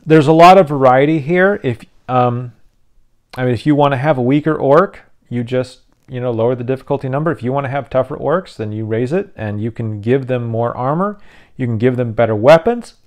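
A man's voice: mid-range voice, a little fast, darkish tone. A tired, yawning man hosting his own channel, rambling casually with frequent restarts as he explains tabletop game rules. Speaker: YouTube channel host.

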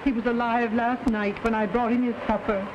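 An actress playing a deferential, dutiful housekeeper in 1930s film acting style, speaking politely. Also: female voice, on the high side, little pitch movement, fairly quick, close to an everyday voice. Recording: muffled old film soundtrack with hiss.

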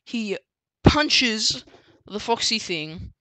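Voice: mid-range voice, big pitch swings, very slow, pushed and bright, no room sound. A book reviewer casually recapping a story, rambling with many fillers and restarts.

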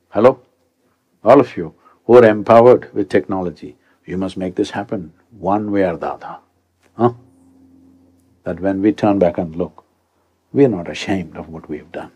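A man in his sixties speaks as a spiritual teacher addressing a young crowd, and his voice sits a little low. He talks in an animated, rhetorical way, often turning to his listeners with quick prompts. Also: breathy edge. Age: 60s. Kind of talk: speech to a young audience.

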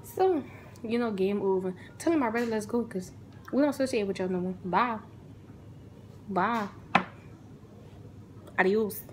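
Lively young woman telling a storytime. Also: medium pitch, a little slow, pauses often, noisy background. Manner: animated, acts out the people in her story. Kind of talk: casual storytime vlog.

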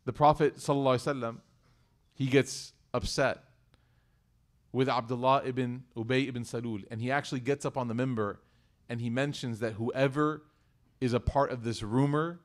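Male community speaker at mid pitch, telling a story, animated with hushed asides. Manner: animated storyteller, swings between loud emphasis and hushed asides. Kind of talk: storytelling talk to a congregation.

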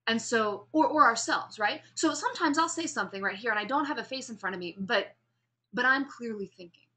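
A woman giving a classroom lecture on public speaking, explaining vocal variety and demonstrating pace and pauses as she talks. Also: on the high side, animated, bright, forceful tone.

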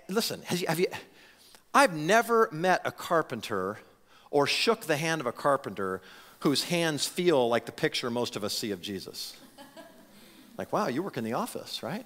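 Lively, animated male pastor preaching. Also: medium pitch, big-room sound. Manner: animated, conversational, with frequent restarts. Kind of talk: sermon. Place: church sanctuary.

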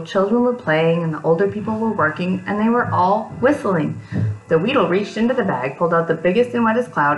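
A woman's voice: on the low side, echoey room, low-quality recording. A woman reading a picture book aloud to young children, breaking off for chatty asides to them.

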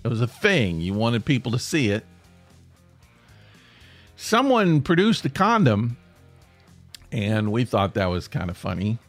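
Male podcast host, comic raconteur, swooping lively delivery, dry close sound. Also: mid-range voice, a little slow, pauses often, no echo, faint music behind. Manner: animated, self-deprecating, laughs mid-sentence. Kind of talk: comic storytelling.

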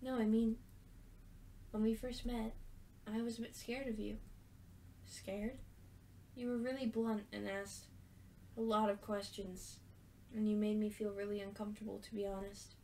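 A woman reading aloud the lines of a hurt but gentle young woman from a story game, in an earnest voice. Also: mid-range voice, little pitch movement, moderate pace, pauses often, slight background noise, natural voice. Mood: tender.

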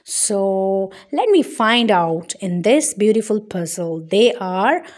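Slow sing-song woman teaching toddlers. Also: mid-range voice, expressive. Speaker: children's educational narrator. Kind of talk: narrating a kids' puzzle video.

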